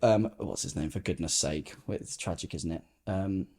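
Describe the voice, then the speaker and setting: A man's voice: deep voice, normal speed, warm tone. A young man co-hosting a podcast in casual chat, often trailing off mid-sentence. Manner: chatty, trails off mid-sentence, says "mate". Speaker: podcast co-host.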